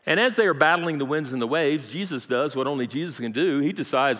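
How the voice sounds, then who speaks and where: A man's voice: medium pitch, animated, fairly quick, hardly any pauses. A man preaching a sermon in a church, telling a story with dramatic rises and joking asides to the congregation. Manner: dramatic storytelling with acted quotes, rising to loud peaks. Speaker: pastor. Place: church sanctuary. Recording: long reverb of a large church.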